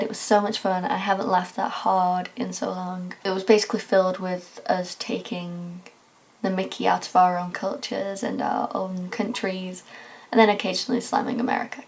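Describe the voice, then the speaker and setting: A young English woman talking casually in a video diary, gushing and excitable, often sighing and sometimes dropping to a hushed near-whisper. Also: fairly low pitch, moderate pace. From England. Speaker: vlogger.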